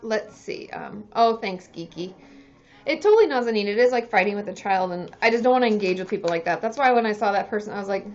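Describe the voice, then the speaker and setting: Talking fast in a mid-range voice, this licensed therapist hosts a relaxed livestream chat with soft music underneath. She's candid and chatty, swears freely and laughs often, over dull lo-fi sound.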